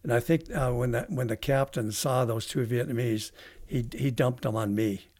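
A man, a veteran guest on a podcast, telling a long story in a halting way with many restarts. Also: medium pitch, darkish tone, no echo. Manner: halting, with frequent restarts and fillers. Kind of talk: casual storytelling interview.

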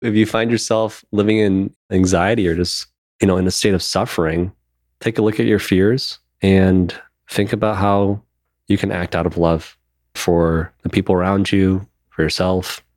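A man's voice: low voice, steady tone, normal speed, a little mellow, no room sound, studio quality. A man in his thirties, co-hosting a podcast, talking openly and emotionally in casual chat and swearing now and then. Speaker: podcast co-host.

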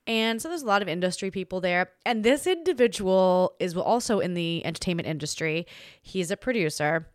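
A young woman hosting a podcast, telling a story in a chatty, animated way, full of "like"s and restarts, and jumping into playful voices for quotes. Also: brisk, clear, resonant tone, no room sound, clean studio sound. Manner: chatty and animated, acts out quoted voices with big pitch jumps; filler-heavy, many "like"s and restarts. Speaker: podcast host. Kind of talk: casual storytelling monologue.

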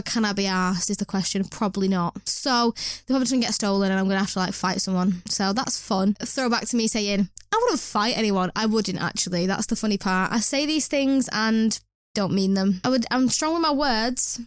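A woman's voice: a little high, dry recording, studio quality. A young woman hosting a podcast, chatting casually with rambling asides and self-mocking restarts. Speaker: podcast host. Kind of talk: casual chat.

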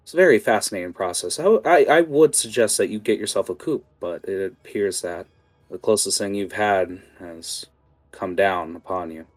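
A man doing a soft-spoken scarred cultist. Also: low voice, normal speed, no room sound, soft background music. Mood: calm.

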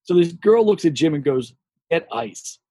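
A man's voice: a little high, animated, a little fast, mellow, breathy edge, dry recording. A man co-hosting a podcast, telling crude, laughing anecdotes in casual chat. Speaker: podcast co-host.

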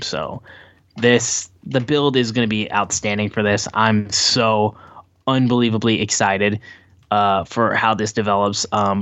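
A man co-hosting a wrestling podcast, chatting casually and rambling with lots of fillers, acting out quotes in higher voices. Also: fairly bright tone, no echo, lo-fi sound. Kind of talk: casual show recap chat. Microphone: his own mic acting up.

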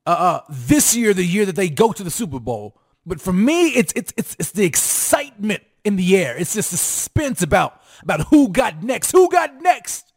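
Energetic male sports show host with a high-pitched voice, talks straight to the fans and repeats lines for punch. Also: moderate pace, few pauses, husky. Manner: hyped, repetitive, sing-song emphasis, calls out to audience. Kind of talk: fired-up sports commentary to fans.

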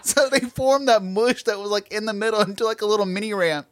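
A man with a high voice chatting on a podcast and telling stories in a loose, swearing way. The sound is dry and close to the mic. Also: brisk, no echo. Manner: profane, animated storyteller. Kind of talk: casual podcast chat.

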